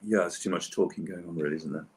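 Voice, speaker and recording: A man's voice: low-pitched, fast talker, slightly rough. An Englishman chatting playfully while signing autographs, with a theatrical, explanatory manner. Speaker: voice actor signing autographs on a livestream. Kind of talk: casual chat while signing. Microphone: livestream setup.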